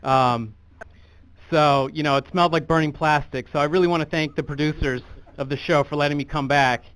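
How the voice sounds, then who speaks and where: A young American man doing stand-up with a dry, deadpan delivery and a somewhat raised voice. He rambles through his bits casually and easily. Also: a little high, fairly quick, clean tone. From United States. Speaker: stand-up comedian. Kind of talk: stand-up comedy.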